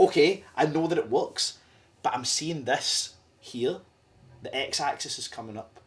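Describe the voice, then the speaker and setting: A young Scottish man hosting a podcast, talking in a rambling, animated way. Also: on the high side, unhurried, far from the mic, slight background noise. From Scotland. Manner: animated, rambling, mimics voices. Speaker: podcast host. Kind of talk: casual podcast conversation.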